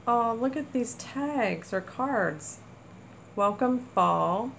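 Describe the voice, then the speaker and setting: A woman hosting a casual crafting haul video, gushing with excitement over small items. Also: on the high side, extremely slow, creaky, a little hiss or hum, rough recording. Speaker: crafting channel host. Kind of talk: casual haul chat to camera.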